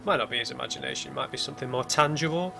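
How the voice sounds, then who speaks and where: A man's voice: medium pitch, racing, gravelly. A man thinking aloud as he plays a story game blind, musing over clues and muttering asides to himself. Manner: musing aloud, thinking things through as he explores. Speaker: let's play gamer. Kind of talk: blind let's play commentary. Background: eerie game music and hymns.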